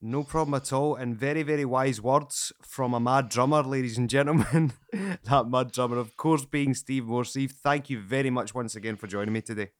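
A man's voice: mid-range voice, normal speed, dry recording, clean studio sound. A man hosting a podcast, bantering with mock offense and teasing. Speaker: podcast host.

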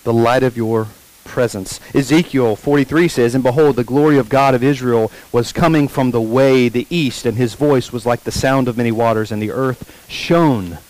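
A male pastor preaching a sermon, repeating key phrases slowly for emphasis and putting questions to the congregation. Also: medium pitch, darkish tone, rough recording.

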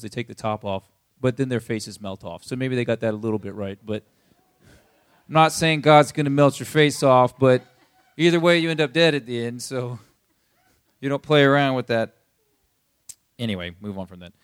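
A man's voice: mid-range voice, normal speed, pauses often, clear, resonant tone, no echo, clean studio sound. A man preaching a sermon in a loose, conversational way, often checking in with the listeners. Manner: conversational, keeps asking "you see what I'm saying?". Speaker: pastor.

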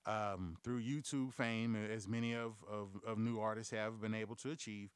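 A man hosting a comedy news podcast, ranting loudly and profanely, acting out quoted voices as he tells stories. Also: fairly low pitch, normal speed, clear, resonant tone, no echo. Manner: profane, loud, animated storytelling. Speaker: podcast host.

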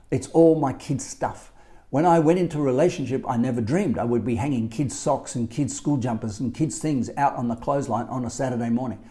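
A man's voice: mid-range voice, mellow. A man with an Australian accent, a life coach talking alone on his podcast, emphatic and given to repeating key phrases. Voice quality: emphatic, repetitive. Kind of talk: solo podcast monologue.

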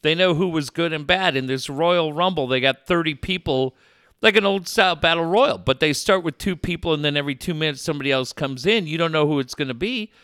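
A middle-aged man hosting a sports talk radio show, telling a rambling, animated story with many restarts. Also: on the high side, fairly quick, clean tone, no room sound, studio quality. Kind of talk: casual talk radio chat.

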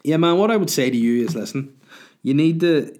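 A man's voice: on the high side, lively intonation, a little fast, a little mellow. Chatty male comedian hosting a podcast. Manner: chatty, answers listener questions with restarts. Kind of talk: casual solo podcast chat.

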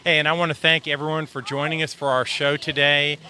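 A man's voice: fairly high pitch, little pitch movement, fairly quick, sharp tone, slight background noise. A man hosting a show, interviewing a campaign volunteer outdoors at a polling site with conversational, leading questions. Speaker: show host. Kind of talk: on-the-street interview.

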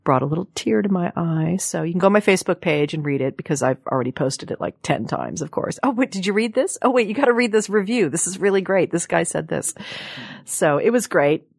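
A woman's voice: on the low side, expressive, brisk, gravelly, slightly rough, no echo, clean studio sound. A woman hosting a casual talk show, chatting loosely and plugging shows with a playful swear now and then. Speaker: podcast host. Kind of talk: casual chat. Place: studio room with guests.

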